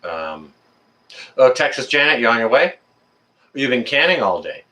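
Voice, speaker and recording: Male live-stream host, chatty, lively pitch. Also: moderate pace. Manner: chatty, talks to viewers and reads chat aloud. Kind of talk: casual live-stream chat. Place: apartment.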